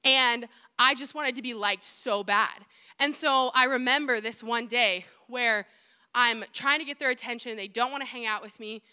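A young adult woman, an assistant youth pastor, preaching a sermon in a chatty, animated way full of personal stories and self-mocking asides. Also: on the high side, normal speed, smooth.

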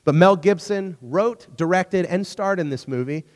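Man, casual sermon, storytelling, slightly high voice, long hall reverb. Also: a little slow. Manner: conversational, acts out characters in the story.

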